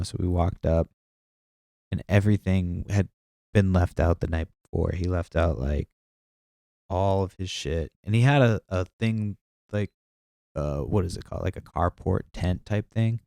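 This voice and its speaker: A man's voice: deep voice, gravelly, dark tone, no room sound. A young man with a stuffy nose, hosting a podcast as a rambling, profane casual monologue full of fillers. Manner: profane, meandering storytelling with many fillers. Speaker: podcast host.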